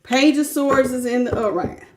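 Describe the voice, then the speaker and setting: A woman with a high, bright-pitched voice hosts a live-stream tarot reading. She talks in a casual, folksy way, greets her viewers one by one by name, and laughs often between card pulls. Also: moderate pace, background noise. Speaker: tarot reader.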